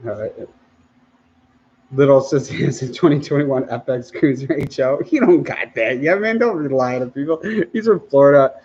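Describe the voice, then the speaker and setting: A man hosting a casual livestream, reading viewer comments aloud in a relaxed way, often laughing and trailing off mid-sentence. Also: medium pitch, normal speed, breathy edge, highs cut off.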